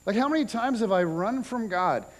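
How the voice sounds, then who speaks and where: A man's voice: sits high, expressive, normal speed. A middle-aged man preaching a conversational sermon, casual and chatty with lots of fillers and wry jokes. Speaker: pastor. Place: church auditorium. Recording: long hall reverb from a church sanctuary.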